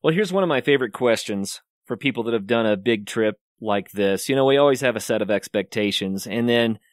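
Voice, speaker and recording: A man hosting a podcast, asking relaxed interview questions. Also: mid-range voice, brisk, dry recording, clean studio sound. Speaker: podcast host.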